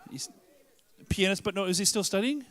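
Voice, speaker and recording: A man emcees a charity auction at a fundraiser. His voice sits somewhat high. He jokes, rambles and cuts himself off to restart. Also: brisk, fairly bright tone. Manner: joking, rambling, self-interrupting. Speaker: event emcee. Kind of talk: casual emcee banter. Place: church hall fundraiser.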